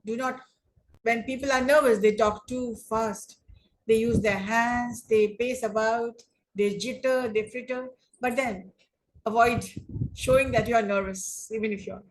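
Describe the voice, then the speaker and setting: Woman, English teacher, online lesson; unhurried, repetitive phrasing, slightly high voice. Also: slight background noise, rough recording. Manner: slow, deliberate, repeats and rephrases points. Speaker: English lecturer. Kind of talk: online class lecture on debating.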